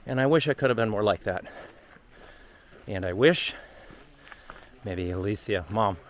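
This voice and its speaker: Man, lowish voice, rambling trail vlogger, candid, faint outdoor noise. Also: a little slow. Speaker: vlogger on a long walk. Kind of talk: casual travel vlog talk.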